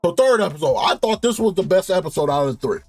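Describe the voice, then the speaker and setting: Slangy excitable young man, high voice. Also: fast talker, dry recording. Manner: slangy, profane, laughs often, excited recapping. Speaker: TV show reviewer. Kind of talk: casual review rant.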